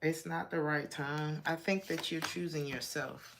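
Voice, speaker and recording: An American woman from Georgia gives a casual tarot reading with a low, gravelly voice. She talks in a chatty, blunt, slangy way and laughs often between thoughts. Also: steady tone, a little slow, background noise. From Georgia, USA. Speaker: tarot reader.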